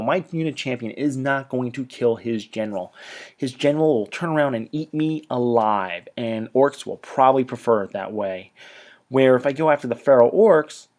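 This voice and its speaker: A man gives a casual battle report on a tabletop wargame, his ordinary mid-pitched voice a little mellow, brisk, and lively in intonation. He speaks in chatty stop-start bursts, drifting into trailing asides.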